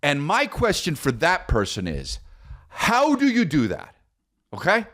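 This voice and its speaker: A man hosting a podcast as a comedian, rambling through a profane, animated comic monologue and calling the listener dude. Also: on the high side, measured pace.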